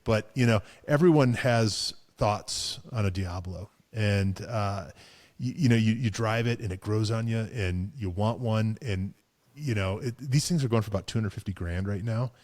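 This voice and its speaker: A man's voice: on the low side, moderate pace, a little mellow. A man co-hosting a car show, chatting casually with lots of fillers, restarts and chuckles. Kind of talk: casual chat.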